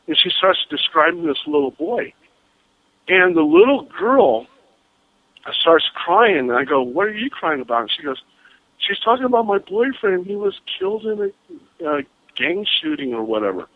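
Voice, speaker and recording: Excitable man telling stories over a phone line. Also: a little high, no room sound. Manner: animated, laughing, excitable storyteller. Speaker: guest. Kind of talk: phone-in storytelling.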